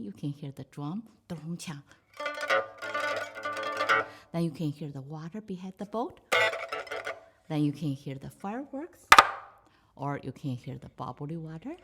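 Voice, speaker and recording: A woman's voice: low voice, a little mellow. A woman musician with a Chinese accent, explaining her instrument in simple, non-native English and imitating sounds with her voice. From China. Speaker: pipa musician. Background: plucked pipa music.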